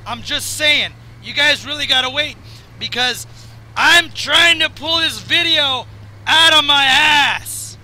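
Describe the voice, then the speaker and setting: A gaming commentator with a high, very bright voice, now raw and strained, talks slowly through a video game in casual commentary. He rambles and jokes, swinging between excitement and low muttering. The audio is poor, with a faint hiss underneath.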